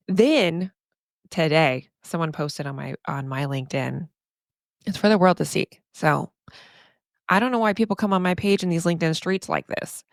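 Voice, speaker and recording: A woman's voice: sits low, gravelly, no room sound, studio quality. A woman therapist hosting her podcast, talking casually and emphatically with frequent laughs and asides. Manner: chatty and emphatic, often says "y'all".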